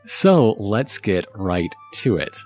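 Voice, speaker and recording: A man hosts a tabletop game and describes the scene slowly in a lowish voice, pausing often with fillers. Faint music plays underneath. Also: big pitch swings, a little mellow. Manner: unhurried, filler-heavy scene-setting. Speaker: game master and host.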